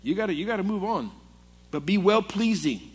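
A man's voice: high voice, lively intonation, a little fast, breathy edge. A male pastor preaching to a men's Bible study in a conversational, storytelling way. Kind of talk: sermon. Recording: long hall reverb.

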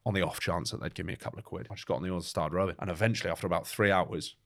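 Young man, low voice, quick talk, dry close sound, lively storytelling. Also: creaky, no echo. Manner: animated, swearing, laughs while telling. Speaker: guest, record-setting ocean rower. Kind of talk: casual storytelling interview.

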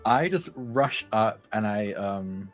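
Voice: medium pitch, expressive, slow, soft background music. Player thinking aloud at a tabletop game. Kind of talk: casual tabletop play.

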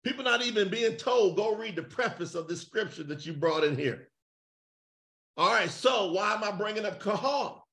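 A man preaching fiery call-and-response over a video call, emphatic and shouting, firing rhetorical questions at his listeners. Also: high voice, expressive, moderate pace. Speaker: preacher leading an online gathering.

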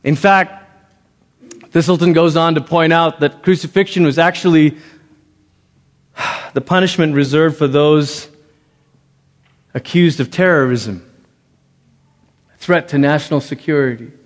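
A man preaching a sermon as pastor, swinging between loud emphatic lines and hushed ones. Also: a little high, a little slow, long pauses. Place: church sanctuary. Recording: long reverb of a large hall.

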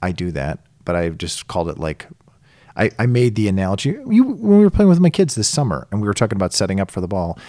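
A middle-aged man co-hosting a casual podcast, telling lively stories and acting out exasperated voices. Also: fairly low pitch, quick pace, no room sound. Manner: animated storyteller, acts out exasperated voices. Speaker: podcast co-host.

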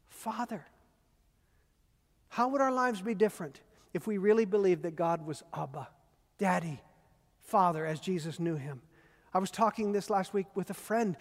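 An older man preaching a sermon as a pastor, earnest and warm, stressing and repeating key phrases. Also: high voice. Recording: long reverb of a large hall.

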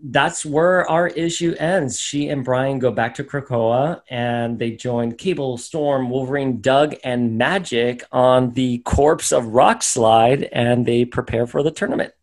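A man's voice: mid-range voice, unhurried, few pauses. Guy on a comics podcast, running through the issue, doing little voices for the quotes. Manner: animated storyteller, acts out character quotes. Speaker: podcast co-host. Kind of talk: casual comic book recap.

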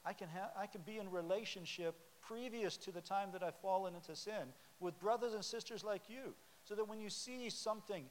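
Man, pastor, high-pitched, conversational sermon, long church reverb, light hiss. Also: brisk, few pauses. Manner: conversational preaching, quizzing the congregation. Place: church sanctuary.

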